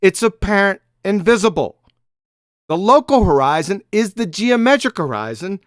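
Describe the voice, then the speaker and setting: A man running a live call-in debate, reading out definitions at a measured pace and firmly holding his ground. His voice is smooth and clear, recorded close and dry with no room sound. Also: high-pitched, sing-song, no echo. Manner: reads definitions aloud slowly, insists firmly. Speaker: host.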